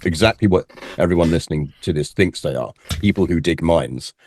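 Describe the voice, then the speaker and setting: This man's voice sits low and darkish, carrying a slight hiss or hum. A guest in a casual military history conversation, he halts and restarts often before launching into long, fluent explanations.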